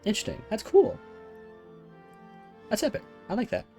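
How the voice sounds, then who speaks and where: A soft-spoken man chats while he plays a game from his room at home, relaxed and a little self-deprecating. His voice is mellow and dark, with quiet game music behind him. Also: sits high, moderate pace. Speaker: game streamer. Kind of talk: casual chat while gaming. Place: home room with rain on the ceiling.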